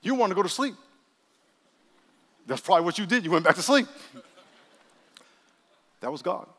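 A man preaching a lively sermon as pastor, acting out voices he quotes. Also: sits high, moderate pace. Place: church sanctuary. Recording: long reverb of a church hall.

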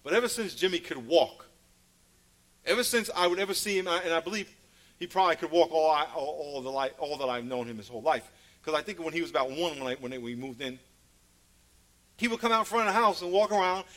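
Male preacher, high voice, playful storyteller, swings from loud to hushed. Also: lively intonation, brisk. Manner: storytelling, playful, laughs at his own stories; sudden loud calls and drops to a hush. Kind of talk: sermon.

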